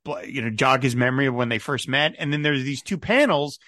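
A man co-hosting a casual comics podcast, animated and laughing often, slipping into mock voices for asides. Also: mid-range voice, fairly quick, no room sound, clean studio sound. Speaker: podcast co-host. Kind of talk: casual chat about comics.

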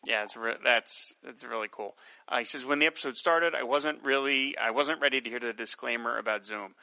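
A man co-hosting a casual podcast, reading listener mail with relaxed, dry jokes. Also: mid-range voice, a little fast, no echo, poor audio. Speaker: podcast co-host.

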